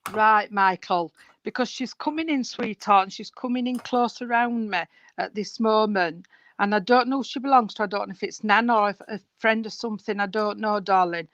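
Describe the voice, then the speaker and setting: A woman's voice: medium pitch, normal speed, a bit bright, no echo, muffled recording. A woman working as a spiritualist medium, chatty and rambling, calling people sweetheart and darling as she gives a reading over a video call. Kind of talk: live mediumship reading at an online service.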